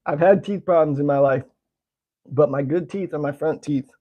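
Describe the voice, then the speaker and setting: Heard with phone-quality sound, an American man speaks at a normal speed in a slightly high voice. He hosts a slingshot channel and is tasting candy while casually chatting with his live-stream viewers and answering their comments.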